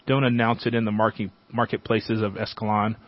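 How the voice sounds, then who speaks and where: A man reading a Bible chapter aloud as a teacher, at a measured pace. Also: on the low side, little pitch movement, no room sound. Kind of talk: scripture reading. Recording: dull, dry lo-fi sound.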